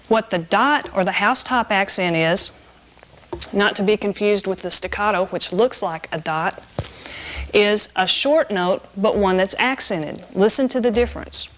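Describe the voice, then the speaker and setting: A woman of middle age walks students through a saxophone lesson with clear, patient explanation. Her voice sits at a mid pitch for a woman, and she speaks in a steady instructional tone. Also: a little slow. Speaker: saxophone teacher.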